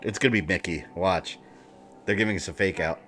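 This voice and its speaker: A man's voice: low voice, brisk, over music. A man hosting a watch party, giving casual, joking commentary on an old film and laughing often.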